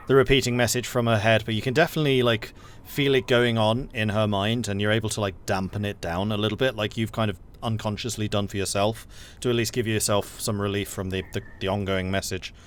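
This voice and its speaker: A man's voice: lowish voice, fairly even intonation, normal speed, clean tone. A man narrating a tabletop role-playing game as game master, in a loose, conversational way with frequent fillers.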